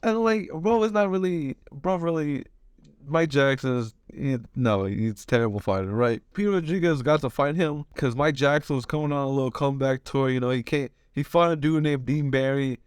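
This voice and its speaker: A man's voice: mid-range voice, normal speed, smooth, no room sound, studio quality. A man giving fight predictions, talking slangy and rambling, swearing a lot and restarting his sentences. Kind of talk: casual chat.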